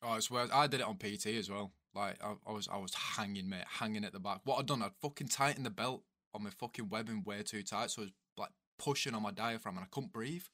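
A man with a bright, forceful voice tells stories to his mates, swearing freely and building up the punchlines. He sounds dry and close, with no room echo. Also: lowish voice, fast talker, hardly any pauses. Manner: swears a lot, animated storytelling. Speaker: podcast host, ex-soldier. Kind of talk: casual banter.

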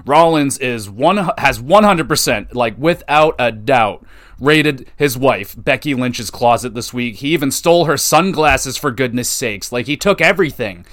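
A man hosts a wrestling podcast, rambling through a casual recap. He talks with eager enthusiasm and drops into quick quoted voices. His mid-pitched voice sits close and dry on the mic. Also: a bit bright, no echo. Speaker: podcast host.

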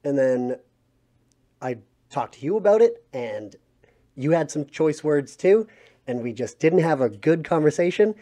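A man's voice: on the high side, very animated, measured pace, pauses often, warm tone. A man co-hosting a casual podcast, telling a story about himself in a wry, self-deprecating way. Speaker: podcast co-host. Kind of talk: casual chat.

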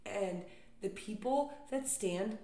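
A young woman talks into a podcast mic in a profane, exasperated comic rant. Her voice sits at a middling pitch for a woman. The room adds a noticeable echo. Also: slow, warm tone. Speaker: podcast host. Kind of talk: comedic solo rant. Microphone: podcast microphone. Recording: roomy echo.

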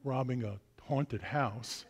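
A man playing a nervous male burglar in a joke told during a sermon, muttering in hushed asides. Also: mid-range voice, takes it slowly, breathy edge.

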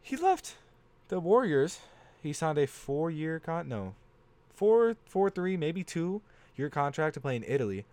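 A teenage boy co-hosting a casual sports podcast, animated and prone to stumbling over player names. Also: on the high side, measured pace, no room sound. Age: teens. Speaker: podcast co-host.

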